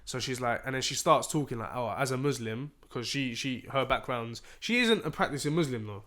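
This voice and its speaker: A man's voice: mid-range voice, lively intonation, a little fast, bright, forceful tone. A young man, a podcast guest telling a story in casual slang, swearing freely and acting out dialogue.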